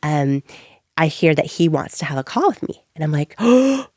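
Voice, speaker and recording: A woman entrepreneur telling her story in an interview, animated and acting out things she once said. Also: low-pitched, moderate pace, no room sound, clean studio sound. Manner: animated, acts out her own past lines. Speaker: entrepreneur guest.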